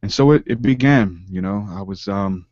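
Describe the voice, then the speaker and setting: A man with a lowish voice tells a long personal story, earnest and halting, often restarting his sentences and leaning on fillers. The sound is dry and close, with a dull lo-fi call quality. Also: darkish tone, no room sound. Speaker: podcast guest, rapper. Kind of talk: storytelling in casual interview.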